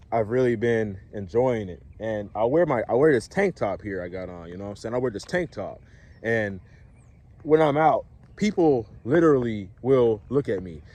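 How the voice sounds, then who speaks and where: A man, a dating coach, talking casually to camera in a relaxed way, chuckling often and checking in with the listener. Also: fairly low pitch.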